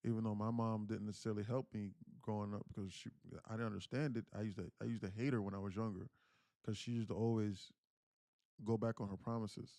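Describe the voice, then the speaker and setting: A man in his thirties who hosts a day trading livestream earnestly and candidly recounts a personal family story, repeating his phrases often. His voice sits on the low side with a flat delivery, quick pace, and warm tone, recorded with no echo.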